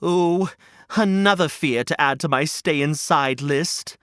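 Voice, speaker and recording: A man's voice: fairly high pitch, unhurried, fairly bright tone, clear, resonant tone, no room sound, studio quality. A man voicing a nervous, fretful male hedgehog who worries about everything. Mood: anxious. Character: anxious timid male hedgehog listener.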